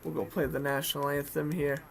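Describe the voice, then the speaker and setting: Excited high-voiced man with a Boston accent. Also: fairly quick, creaky, noisy background. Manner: excited, chatty, self-correcting. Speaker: sports commentator. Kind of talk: fan play-by-play commentary.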